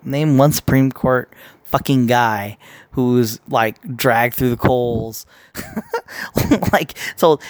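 A man's voice: medium pitch, animated, unhurried, no echo. Blunt, profane man ranting casually. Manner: blunt and profane, rambling with repeated restarts. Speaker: commentator. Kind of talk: casual opinion rant.

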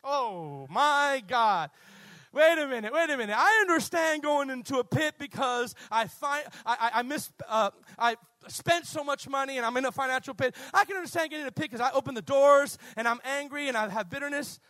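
Male preacher, emphatic and animated sermon delivery; high, bright voice. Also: fairly quick, no room sound. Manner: emphatic, animated, calling out to the congregation.

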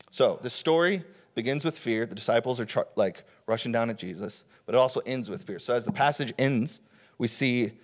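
A young man gives a sermon in an easy, conversational tone. He often stops for fillers and restarts his sentences as he talks the passage through. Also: mid-range voice. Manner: conversational, casual preaching with many fillers. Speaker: preacher.

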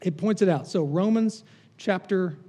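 A pastor delivers a sermon in a high, mellow voice. He is conversational and teasing with the congregation. He drops soft and hushed when he prays. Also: a little slow.

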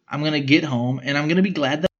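A man's voice: fairly high pitch, quick pace, lo-fi sound. A young man hosting a podcast, telling stories in a rambling, slangy way and swearing often. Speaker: podcast host. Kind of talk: casual storytelling monologue.

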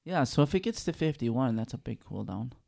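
A man's voice: medium pitch, lively intonation, brisk, gravelly, darkish tone, no room sound. A man co-hosting a podcast in casual chat, with wry remarks and some reading aloud. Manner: dry, wry, reads articles aloud. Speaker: podcast co-host.

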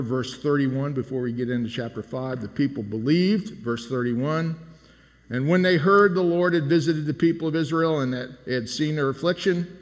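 A man of middle pitch preaches to his congregation as an elder, retelling scripture in a steady storytelling way. He lifts his voice when he speaks the quoted lines. His words ring with the long reverb of a church sanctuary. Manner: storytelling with rising emphasis on quotes. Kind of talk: sermon.

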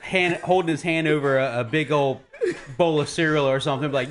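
A man's voice: on the high side, fairly quick, heavy background noise. A man on a podcast, telling stories from his youth in a profane, self-mocking way. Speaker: podcast co-host. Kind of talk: casual chat.

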